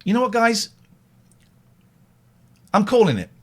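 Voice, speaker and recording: A man hosting a casual late-night show, reacting in an excitable, animated way. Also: sits high, a little slow. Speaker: radio show host.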